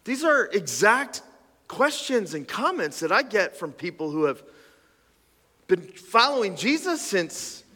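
A man's voice: sits high, big pitch swings, unhurried, bright, forceful tone, long reverb tail. A man preaching a sermon as a pastor, talking conversationally with self-deprecating asides and stammered restarts.

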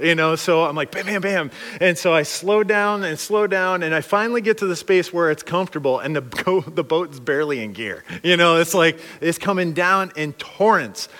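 A man telling a lively story as a pastor in a casual, conversational sermon, jumping into voices when he quotes people. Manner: animated, conversational, acts out quotes with big jumps in pitch. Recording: long hall reverb.

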